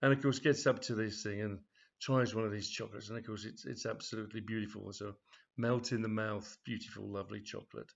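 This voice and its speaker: A man's voice: on the low side, fairly even intonation, brisk, gravelly. A man reading his own comedy story aloud in a loose, conversational way, full of fillers and asides. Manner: rambling, with frequent fillers and "of course". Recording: dull lo-fi recording.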